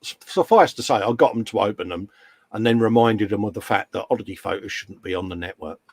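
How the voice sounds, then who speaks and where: Fast and creaky, with a fairly low, darkish voice, a man co-hosts a live model-building stream. He chats casually, jokes, banters and reads out viewer comments, with no echo on the audio.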